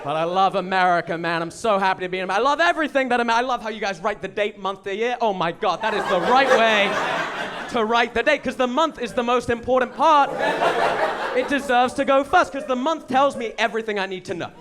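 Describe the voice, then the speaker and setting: English man, stand-up comedy set, high-pitched, dry punchlines, loud live-room noise. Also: quick pace. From England. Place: comedy show venue.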